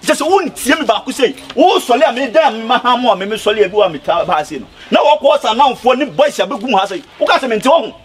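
Guy acting as a rowdy ghanaian joker, high voice, swings all over, some faint noise behind. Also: animated, a little fast, few pauses. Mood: wailing, comic. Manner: loud, laughing and wailing theatrically. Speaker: actor in a comedy film. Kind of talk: Ghanaian movie acting, mixing Twi and pidgin English.

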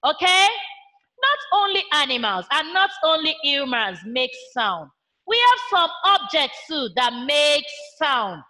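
A woman with a Nigerian accent teaching young children in an online class, imitating animal sounds in a slow sing-song way. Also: sits high, big pitch swings, pushed and bright. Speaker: primary school teacher.

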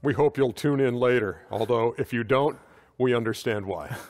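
A man hosting a pregame studio show with smooth, polished broadcaster delivery. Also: mid-range voice, moderate pace, a little mellow. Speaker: studio host. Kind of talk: scripted pregame show in a video game.

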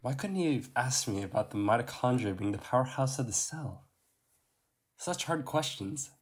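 A man's voice: mid-range voice, lively intonation, moderate pace, close to an everyday voice. A man voicing a dim-witted interviewee who answers with clueless confidence.

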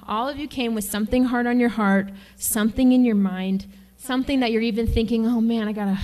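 A woman teaching a sermon at a women's retreat, talking in a chatty, animated way and acting out quoted voices. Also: fairly high pitch. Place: lodge meeting room.

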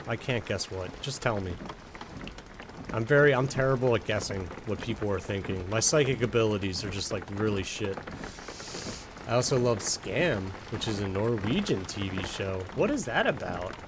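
Amid some background noise, a man with a mid-range voice streams a video game, chatting casually, bantering with the characters, and responding to his chat. It's laid-back let's-play commentary from a game streamer.

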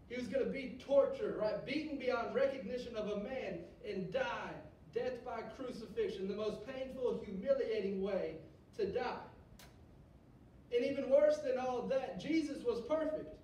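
A man preaching a sermon to a student group in a conversational way, often tagging "right?" onto his points. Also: mellow. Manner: conversational, rhetorical "right?" asides. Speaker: youth pastor. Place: church hall. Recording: echoey hall, mic from a distance, faint rumble.

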